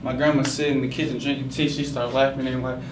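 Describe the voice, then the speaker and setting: A man's voice: medium pitch, level tone, quick pace, recorded from a distance. A young man telling a personal story in a casual, slangy way full of "like". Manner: casual and slangy, many "like" fillers. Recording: echoey room with background noise.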